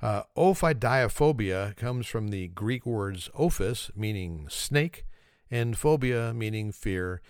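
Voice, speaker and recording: A man's voice: fairly low pitch, expressive, slow, clear, resonant tone, no echo. Joking male podcast host, dry sound. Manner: joking, self-mocking, chuckles often. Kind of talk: casual solo podcast chat.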